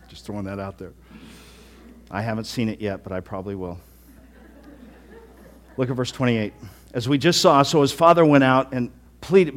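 A middle-aged man preaches a sermon to a live congregation. His delivery is conversational and earnest, and he often doubles back on his words and restarts phrases. His pitch sits in an ordinary middle range for a man. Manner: conversational preaching with frequent word repeats and restarts. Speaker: pastor. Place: church hall with a live congregation.

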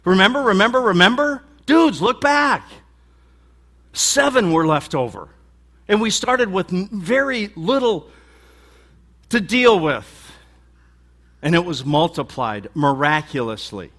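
A man's voice: fairly high pitch, sing-song, slow, pauses often, a bit bright, voice pushed up, exaggerated voice. A man voicing Jesus as an exasperated teacher pleading with his followers in a raised voice. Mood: urging.

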